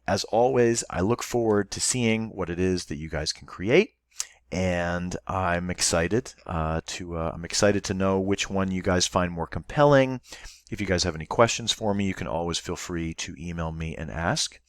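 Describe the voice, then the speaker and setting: A man's voice: low voice, measured pace, no echo, clean studio sound. A male teacher giving a recorded online class lesson, explaining step by step and thinking aloud as he goes.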